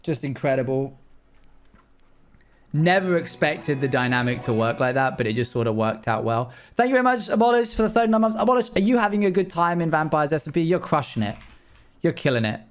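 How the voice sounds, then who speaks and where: A man's voice: on the high side, expressive. A young man, chatting playfully with his audience while livestreaming a game. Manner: chatty, quick asides and playful exclamations. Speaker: streamer. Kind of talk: live game stream chat.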